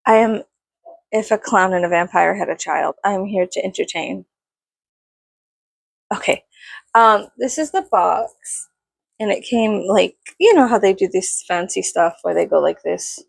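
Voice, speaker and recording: Woman vlogger, casual unboxing chat, giggly and self-mocking, gravelly voice, dry close sound. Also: medium pitch, expressive, a little slow, long pauses, no room sound. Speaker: vlogger reviewing a perfume package.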